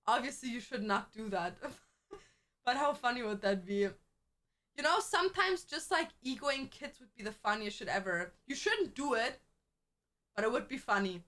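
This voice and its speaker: A young woman chats casually on her stream. Her voice sits high and sounds bright and sharp. She swears freely and laughs often as she tells stories. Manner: chatty, swearing, quick to laugh. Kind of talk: casual chat.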